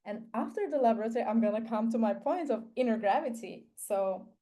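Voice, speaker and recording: A woman with a manner, sharing a personal testimony at an online forum, earnest and reflective with frequent pauses. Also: a little high, lively intonation, warm tone. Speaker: forum speaker.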